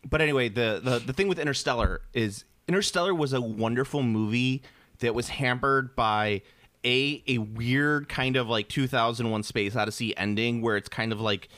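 A man's voice: medium pitch, normal speed, fairly bright tone, no room sound. A man in casual chat, rambling and opinionated, often restarting his sentences.

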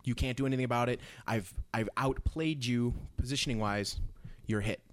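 A man's voice: mid-range voice, moderate pace, a little hiss or hum. A man explaining game design in a casual chat with a co-host, talking it through with frequent restarts. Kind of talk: casual chat about tabletop games.

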